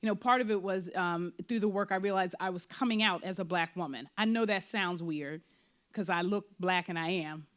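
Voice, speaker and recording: A woman speaking candidly at a post-show talkback about her play, full of fillers and quick acted-out bits of her own thoughts. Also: fairly low pitch. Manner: animated, frequent fillers, acts out quoted thoughts. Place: theater before an audience.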